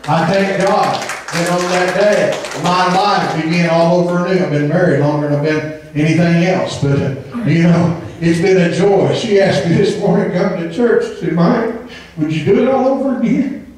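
This man's voice is fairly high and a little mellow, at normal speed, with slight background noise. A preacher from Southern Indiana, he gives a fervent, emphatic sermon in a church sanctuary, saying "amen" often and occasionally singing a phrase. It's recorded from far off in an echoey church hall.

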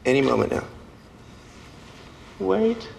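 A man's voice: high voice, big pitch swings, slow, creaky, long reverb tail, a little hiss or hum, full character voice. An actor playing a playful, cocky male consultant in a TV drama, talking in a teasing, breezy, coaxing way. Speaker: police consultant. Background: faint film score music.

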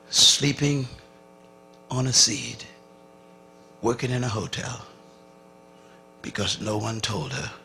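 A man preaching a sermon, telling a story with lively acted-out dialogue and sudden drops from loud to hushed. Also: medium pitch, a little hiss or hum. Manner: animated, acts out dialogue, swings from loud to hushed.

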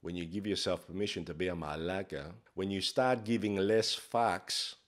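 A man's voice: low-pitched, moderate pace, lightly acted. A man playing a brash, crude life coach, swearing in a swaggering, mock-profound comic monologue. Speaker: comedy character host.

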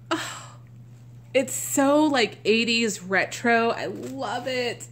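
A woman's voice: on the high side, a little slow, a bit bright, breathy edge. A woman vlogger chatting through an unboxing, gushing and exclaiming with frequent gasps. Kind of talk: unboxing vlog chat.

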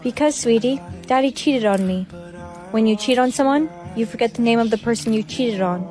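A fairly high synthetic voice of a woman plays a hurt, accusing wife. She comes across loud and pressing, with faint music underneath. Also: brisk, natural voice.

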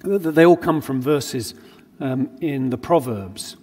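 A man's voice: mid-range voice, slow, a little mellow. A man giving an earnest sermon at a conference, drawing on everyday anecdotes to make his points. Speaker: conference speaker. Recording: long hall reverb.

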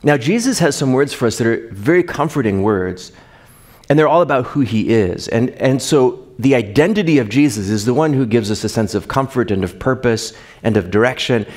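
A pastor preaching a sermon, rising for rhetorical questions and dropping soft when reading scripture. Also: male voice, medium pitch, expressive, normal speed.

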